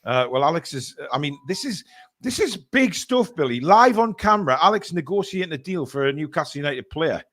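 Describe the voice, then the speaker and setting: A man's voice: fairly high pitch, lively intonation, fairly quick, a bit bright. A man hosting a casual live stream, reading out donations and chatting with plenty of fillers. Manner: reads out donations with filler-heavy banter. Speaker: stream host.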